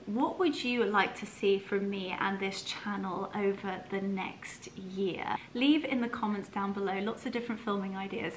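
A woman vlogging, chatting warmly and gushingly to her viewers and her dogs. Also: mid-range voice, a little hiss or hum. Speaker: lifestyle vlogger. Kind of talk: casual vlog chat to camera.

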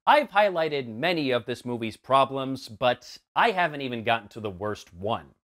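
A man's voice: medium pitch, very animated, normal speed, fairly bright tone. A man reading a scripted film review in a sarcastic, exasperated way.

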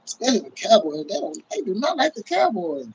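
A man's voice: sits high, huge pitch swings, quick pace, breathy edge, rough recording. Boisterous, profane man ranting on a livestream. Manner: profane, boisterous, laughing often. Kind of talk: casual livestream rant.

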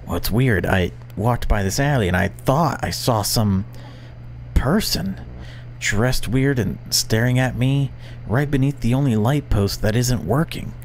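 A man's voice: medium pitch, unhurried, slight background noise, voice pushed up, close to an everyday voice. A man doing a jittery stammering caller. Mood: nervous. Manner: nervous, stammering. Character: jittery young male night-owl caller.

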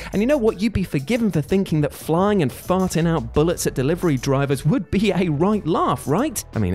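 A man's voice: medium pitch, darkish tone. A man giving a sweary, sarcastic scripted comedy voice-over as a video host.

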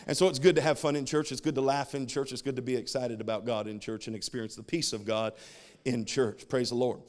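A man's voice: mid-range voice, steady tone, fast. A man in his thirties preaching a sermon as a pastor, telling funny family stories and laughing at his own jokes.

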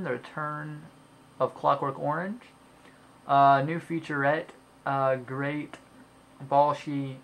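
A man's voice: medium pitch, gravelly, fairly bright tone. A young man talking casually about his purchases in a haul video, rambling and chatty, full of ums and uhs, and stumbling over names as he goes. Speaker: home video collector showing his purchases.

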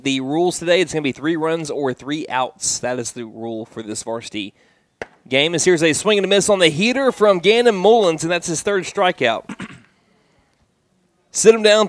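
A man calling a high school baseball game on local radio, steady and conversational, with his voice jumping up on strikeouts and big plays. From United States. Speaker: play-by-play radio announcer. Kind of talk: baseball play-by-play commentary.

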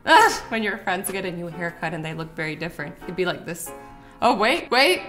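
A woman's voice: mid-range voice, animated, quick pace, a bit bright, faint music behind. A young woman hosting a reaction video, chatting playfully and exclaiming at what she watches. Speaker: YouTube host. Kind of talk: reaction commentary.

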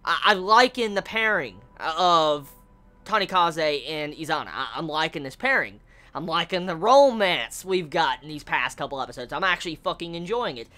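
A woman's voice: low-pitched, animated, normal speed, pushed and bright. A woman reviewing an anime episode in a casual video rant, exasperated, swearing often and stammering over repeated words.

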